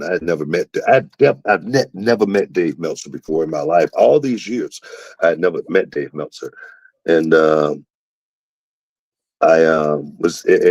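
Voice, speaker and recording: Podcast host, male, deep voice, lively storyteller who acts out what others said. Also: no echo, poor audio. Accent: Southern US. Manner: animated storyteller, acts out quotes with jumps in pitch. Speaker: podcast host, former wrestler. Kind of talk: casual storytelling.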